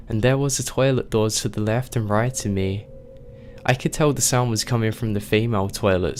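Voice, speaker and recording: A man reading a scary story aloud as scripted narration, telling it slowly and with suspense. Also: lowish voice, a little hiss or hum.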